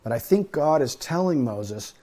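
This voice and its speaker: A man's voice: a little high, expressive, moderate pace, warm tone. A man leading a conversational Torah study, talking earnestly and thinking aloud. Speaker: Bible study teacher.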